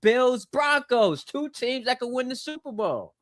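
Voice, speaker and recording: A man's voice: very high voice, very animated, a little slow, fairly bright tone, no echo, clean studio sound. A man hosting a live sports talk show, emphatic and slangy in a casual way. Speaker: show host.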